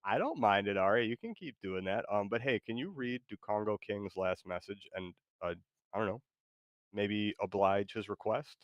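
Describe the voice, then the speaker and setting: A man's voice: lowish voice, normal speed, dry recording, dull audio. A man streaming a game, chatting casually in a rambling, hesitant, playful way. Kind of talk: casual chat while gaming.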